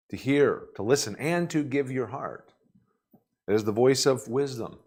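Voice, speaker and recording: A man's voice: on the low side, moderate pace, breathy edge. A male pastor preaching a sermon in a church, talking conversationally with restarts and rhetorical questions.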